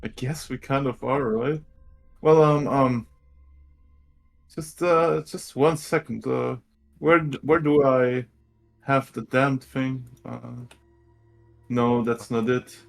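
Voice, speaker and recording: A man's voice: medium pitch, fairly even intonation, slow pace, creaky, pauses often, soft background music. A man playing a tabletop game, talking casually and chattily, often checking with the group. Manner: chatty, keeps asking "right?". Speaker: player.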